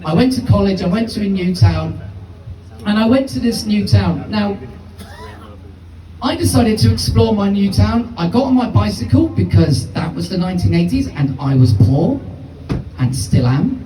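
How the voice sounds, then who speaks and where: A man's voice: high-pitched, animated, moderate pace, warm tone. A man, doing live stand-up with rambling, profane storytelling. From United Kingdom. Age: 50s. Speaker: stand-up comedian. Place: small comedy venue with audience. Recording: distant, echoey live room.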